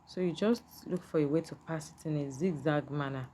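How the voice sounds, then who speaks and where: A woman's voice: deep voice, fairly quick, mellow, slight background noise. A woman giving a patient, step-by-step beading tutorial and often asking the viewer whether they can see. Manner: patient, repetitive, checks in with "can you see?".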